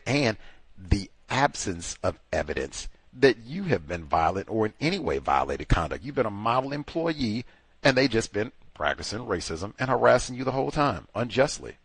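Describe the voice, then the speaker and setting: Emphatic low-voiced man hosting a talk show. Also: normal speed, slightly rough, dry recording. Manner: animated, emphatic, acts out other people mockingly. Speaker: host. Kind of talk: call-in advice talk show.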